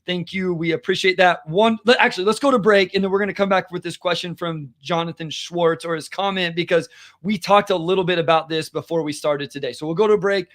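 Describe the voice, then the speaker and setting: A man co-hosting a basketball podcast, talking in an animated, quick way and reading out listener comments. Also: high voice. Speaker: podcast co-host and high school basketball coach. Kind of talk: casual sports podcast chat.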